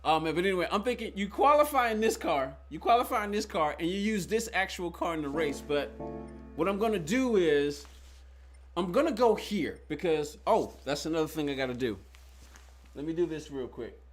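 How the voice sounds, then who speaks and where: High-voiced man rambling through a game stream. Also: lively intonation, a little fast, soft background music. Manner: rambling, talks to viewers, thinks aloud. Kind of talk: casual live-stream chat while playing.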